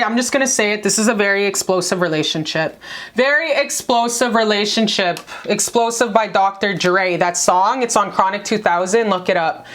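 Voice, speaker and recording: A woman's voice: mid-range voice, normal speed, a bit bright. A woman giving a casual tarot reading to her viewers, effusive and affectionate, with lots of profanity and emphatic repetition. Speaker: tarot card reader.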